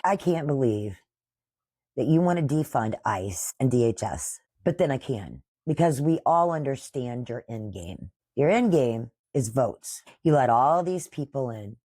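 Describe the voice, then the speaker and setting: A woman's voice: rumbling low, expressive, unhurried, dark tone, breathy edge, dry recording, studio quality. A woman in her sixties hosting a podcast, delivering a combative political commentary monologue and scolding opponents directly. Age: 60s. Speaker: podcast host.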